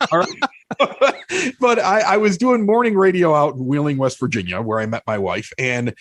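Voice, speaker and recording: A man with a Chicago accent, a podcast guest telling animated, self-mocking stories in casual chat, often restarting his sentences. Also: a little high, moderate pace, no room sound, soft background music.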